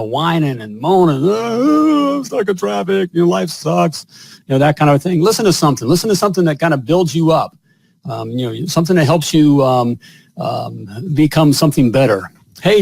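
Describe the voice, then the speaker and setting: A man's voice: a little high, a little mellow, no echo. A man hosting a live online talk show in a folksy, salesy way, repeating himself as he talks. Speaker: host of a live plumbing show. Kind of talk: upbeat live-stream monologue. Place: home studio.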